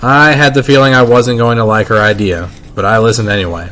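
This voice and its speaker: A man reading a children's novel aloud in first-person narration, unhurried and plain. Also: medium pitch, steady tone, a bit bright, a little hiss or hum. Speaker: reader.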